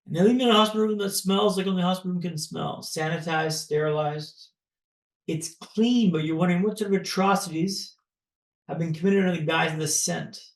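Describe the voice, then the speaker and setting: A Canadian man appearing as a podcast guest tells a personal story dramatically, pacing it with pauses. His voice is high and the sound is reverberant.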